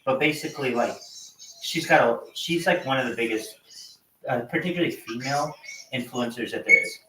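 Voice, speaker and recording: A man's voice: medium pitch, fairly quick, pushed and bright, distant mic. A man hosting a livestream, talking in a loose, profane, rambling way with lots of fillers. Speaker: livestream host. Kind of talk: casual rambling chat. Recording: echoey room, from off-mic, faint background noise.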